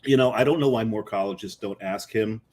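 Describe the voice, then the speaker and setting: Brief: low, husky male co-host, relaxed and dry-humored. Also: normal speed. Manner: laid-back, dry joking, talks while eating. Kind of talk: casual chat.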